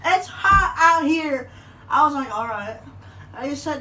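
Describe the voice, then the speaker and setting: A woman's voice: high voice, animated, a little slow, sharp tone. A woman telling a casual story in a crude, joking way. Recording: echoey room from a distance with faint noise.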